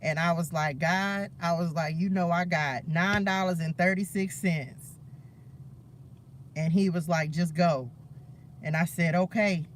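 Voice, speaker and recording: High-voiced man, fervent. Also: steady tone, measured pace, slight background noise. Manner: fervent and preachy, often addressing viewers as y'all. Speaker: spiritual reader and live-stream host. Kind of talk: casual live-stream talk to viewers.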